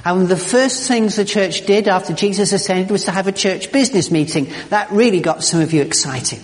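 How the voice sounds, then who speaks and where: A pastor delivers a sermon with emphatic, animated energy, tripping over and repeating words as he presses his point. His voice rings out with a long reverb trailing through the church. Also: high-pitched, a little fast.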